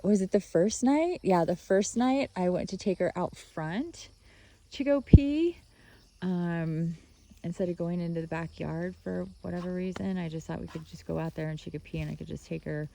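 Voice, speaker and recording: A woman's voice: sits low, darkish tone. A woman chatting casually in a video diary about her dog, rambling and playful, sometimes switching to baby-talk as she plays outdoors on a rural property. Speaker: vlogger, dog owner.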